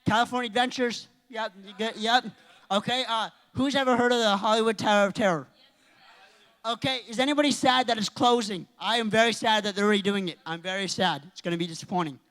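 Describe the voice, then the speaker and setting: A teenage boy giving a youth-group talk, telling rambling, excitable stories. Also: high voice, a little fast, clean tone. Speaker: youth speaker. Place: church hall. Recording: reverberant hall.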